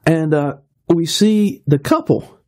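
A man's voice: on the high side, takes it slowly. A man telling a long anecdote on a radio show, laughing often and acting out the voices of the people in it. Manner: lively storyteller who laughs often and acts out quotes. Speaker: radio guest.

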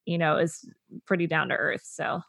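A young woman co-hosting a podcast speaks at normal speed in a deep, husky, slightly bright voice with vocal fry, on a dry recording. Her casual commentary is thoughtful and reflective, hedged with plenty of "I mean" and "like".

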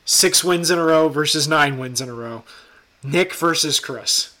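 A man's voice: a little high, measured pace, bright, forceful tone. A man co-hosting a podcast in casual, teasing chat. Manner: teasing, jokey. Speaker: podcast co-host.

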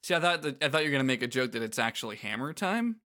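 Player, jokey script reader, bright lively delivery. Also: mid-range voice, very fast. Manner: joking. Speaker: player reading game script. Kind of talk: casual game read-through.

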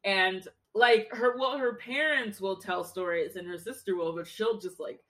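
A woman in a relaxed conversation about a film, her talk loose and full of filler words. She laughs often as she speaks, and her pitch sits in an ordinary middle range. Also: moderate pace. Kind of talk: casual chat about a film.

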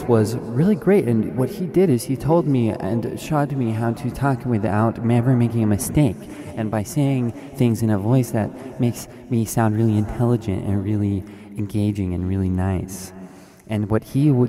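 Deadpan rambling man, low voice. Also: normal speed, crowd noise. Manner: deadpan, meandering, self-mocking. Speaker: podcast host. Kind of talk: comedic rambling monologue.

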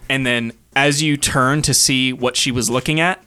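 Bright-voiced male game master. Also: medium pitch, steady tone, moderate pace, clear, resonant tone. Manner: rambling narration with frequent fillers. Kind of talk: narrating a tabletop game.

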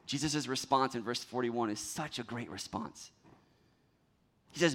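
A man preaching a sermon as pastor, earnest, his voice dropping low at the ends of phrases. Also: lively intonation, moderate pace, fairly bright tone.

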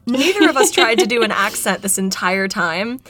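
A woman's voice: mid-range voice, sing-song, normal speed, a bit bright, no echo. A woman co-hosting a podcast in casual, playful chat, joking around and thanking listeners. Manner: playful, jokey, talks of voice acting work. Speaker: podcast co-host.

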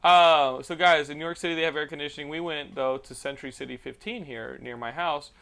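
A man's voice: fairly high pitch, steady tone, fairly quick, vocal fry, sharp tone. A man hosting a casual podcast, joking and rambling with his guests. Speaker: podcast host.

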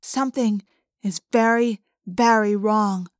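Woman doing a worried teen girl, slow and serious, audiobook. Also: a little high, steady tone, darkish tone, no room sound, studio quality, natural voice. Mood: somber. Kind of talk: audiobook character voice.

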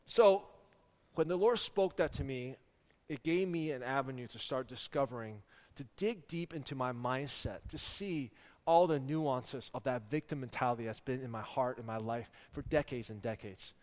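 A man in his thirties preaching a sermon, telling humorous stories about his family in an animated way, recorded in an echoey church hall. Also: medium pitch, moderate pace. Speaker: pastor.

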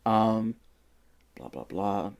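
A man's voice: on the low side, animated, drawn-out words, creaky, darkish tone. Wry crude man reading aloud. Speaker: podcast co-host. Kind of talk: casual comedic reading and commentary.

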